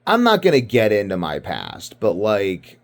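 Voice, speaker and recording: A man's voice: on the low side, huge pitch swings, a little slow, vocal fry. A man from Britain giving rambling casual commentary, ranting and profane, full of fillers. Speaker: video commentator.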